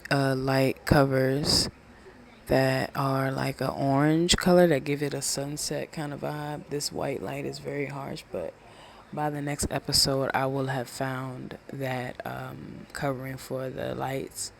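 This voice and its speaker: Low-key rambling late-night podcast host. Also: level tone, slow pace, creaky, slight background noise. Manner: talking low and rambling, swears freely. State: winding down. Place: own home at night. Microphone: small handheld USB microphone.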